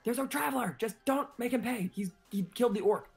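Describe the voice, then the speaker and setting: A man voicing an excitable young male halfling bard who talks quickly and repeats himself. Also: very high-pitched, vocal fry, faint music behind, voice pushed up. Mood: shouting. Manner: fast, eager, tumbling repetitions.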